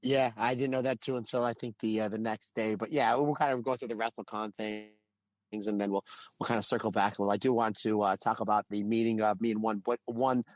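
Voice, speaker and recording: A man's voice: fairly low pitch, brisk, no room sound. Man telling stories animatedly, dry mic. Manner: animated storyteller. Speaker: podcast co-host. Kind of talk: casual podcast chat.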